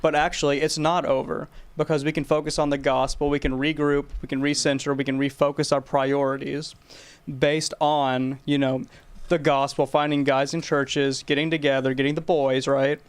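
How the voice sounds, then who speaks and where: A man's voice: a little high, flat delivery, normal speed, smooth. A man in a casual group chat, talking in an earnest, rallying way. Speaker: guest.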